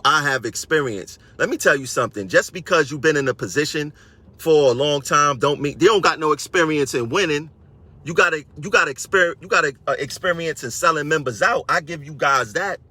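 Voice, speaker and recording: A man's voice: on the high side, a little fast, pushed and bright. A man, a transit union member, ranting on a live stream to his viewers in a combative way and repeating phrases for emphasis.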